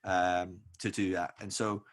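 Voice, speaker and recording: A man in a casual podcast conversation, speaking candidly and haltingly with lots of fillers. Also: low-pitched, level tone.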